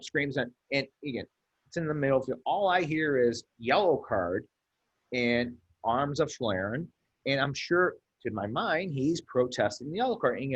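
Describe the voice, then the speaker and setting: Guy rambling about reffing, mid pitch, keeps restarting and repeating himself. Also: husky, muffled recording. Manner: rambling, repeats words, acts out coaches' retorts. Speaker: officials association president. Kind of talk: casual discussion.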